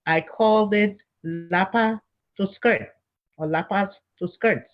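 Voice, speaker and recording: A woman's voice: mid-range voice, slow, soft background music. Earnest woman, lo-fi sound. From Liberia. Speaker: guest. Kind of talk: interview conversation.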